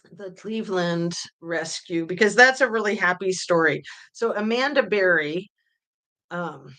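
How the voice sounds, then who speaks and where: Chatty woman with a lowish voice. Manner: chatty, rambling with many fillers. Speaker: true crime livestream host. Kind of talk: casual chat with live chat readers.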